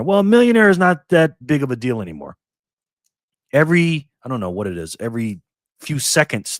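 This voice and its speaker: A man in his fifties talking as an interview guest, lively and chatty, slipping into voices as he acts out little exchanges. His voice sits at an ordinary middle pitch, and the recording is dry and close with no room sound. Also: no echo. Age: 50s. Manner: animated storyteller acting out dialogues. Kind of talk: casual interview talk.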